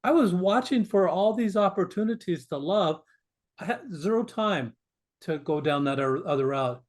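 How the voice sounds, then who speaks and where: A man's voice: high-pitched, lively intonation, normal speed, a little mellow. A man speaking as a guest on an interview podcast, earnest and emphatic, often repeating words as he starts a thought. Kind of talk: conversational interview.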